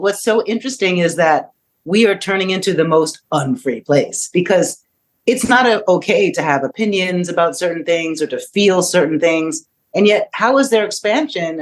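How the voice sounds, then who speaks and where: A woman in her fifties, a podcast guest, talking in a reflective way and asking rhetorical questions. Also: on the low side. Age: 50s. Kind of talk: casual discussion.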